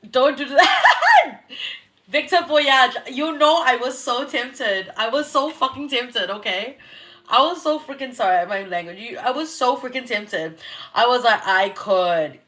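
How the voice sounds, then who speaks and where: A woman's voice: fairly high pitch, animated, a little slow, sharp tone. Giggly chatty New woman streaming. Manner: chatty, giggly, swears, reacts to viewer comments. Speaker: astrologer hosting a live reading. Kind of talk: casual livestream chat.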